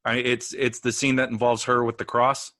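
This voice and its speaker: A man co-hosting a podcast, chatting casually in halting bursts with restarts. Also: flat delivery, pushed and bright, no room sound, clean studio sound. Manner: halting, restarts, breaks into high laughs. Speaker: podcast co-host. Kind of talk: casual chat.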